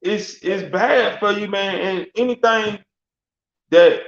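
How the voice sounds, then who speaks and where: A man's voice: high-pitched, slow pace, vocal fry. A man, hosting a casual sports rant in a loose, slangy, rambling way with frequent laughs. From Alabama. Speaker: sports talk host. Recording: echoey room, dull lo-fi sound.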